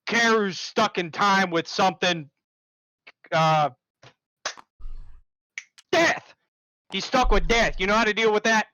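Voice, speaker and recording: A player as a flustered adventurer rambling. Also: male voice, sits high, bright, forceful tone, no echo, pitched above the performer's own voice, heavily acted, low-quality recording. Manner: halting, rambling explanations.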